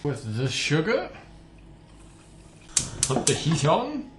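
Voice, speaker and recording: A home baker vlogger talks casually while baking in his kitchen, adding teasing jokes at his own expense. He speaks slowly in a somewhat high voice whose pitch swoops wildly. The audio is roomy and has background noise.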